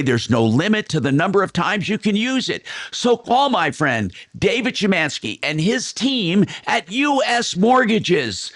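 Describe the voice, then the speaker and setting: A male radio host reads a live sponsor spot with a pitchman's push, hammering each number twice. His voice sits a little high, and the sound is dry and close with no room around it. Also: a bit bright, no room sound. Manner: emphatic pitchman, repeats phone numbers. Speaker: radio talk show host.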